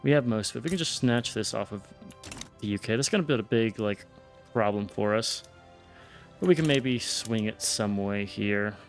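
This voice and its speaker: A man with a gravelly, fry-edged voice talks through his moves in a relaxed, thinking-aloud way. He trails off and restarts mid-sentence as he plans. Faint music and keyboard typing sit behind him. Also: on the low side, normal speed. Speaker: gameplay streamer. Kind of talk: casual let's-play commentary.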